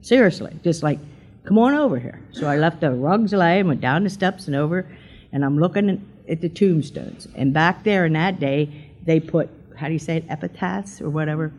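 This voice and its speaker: A woman's voice: low voice, moderate pace, a little mellow, a little hiss or hum. Older church woman, talkative testimony giver, plays out the quotes. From Pennsylvania. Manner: chatty storyteller, acts out quotes in a raised voice. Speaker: church member giving testimony. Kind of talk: personal testimony to a congregation.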